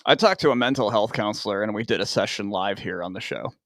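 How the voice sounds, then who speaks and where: A man's voice: lowish voice, quick pace, fairly bright tone, no room sound. A man from Northern Illinois, in his thirties, co-hosting a podcast with casual, profane, self-mocking jokes. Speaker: podcast co-host.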